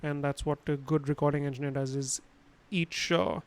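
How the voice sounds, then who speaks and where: In a rough recording made on a studio microphone in his home room, an instructor with a fairly high voice and fairly even intonation speaks at normal speed. He teaches a livestream lesson on sound, explaining casually with lots of fillers and restarts.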